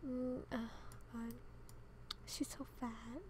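A young woman with a high voice talks over her game at a home desk mic, casual and exasperated. She mutters at the characters and complains openly. Faint noise sits under the recording. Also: level tone, slow pace, darkish tone. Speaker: gaming channel host. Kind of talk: casual gameplay commentary.

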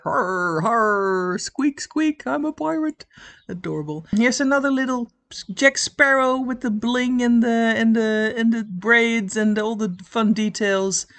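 A woman's voice: mid-range voice, a bit bright. Woman crochet host, chatty, giggles a lot, lots of uhs, super enthusiastic. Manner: chatty and giggly, with frequent 'uh' pauses; enthusiastic, piling on cute and cool. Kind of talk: casual commentary over pattern pictures.

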